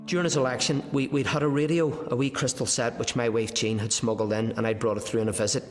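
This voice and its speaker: A man's voice: mid-range voice, fairly even intonation, fast, soft background music. A man, a former prisoner, telling a story in a wry, matter-of-fact way. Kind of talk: recollection in interview. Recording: long hall reverb.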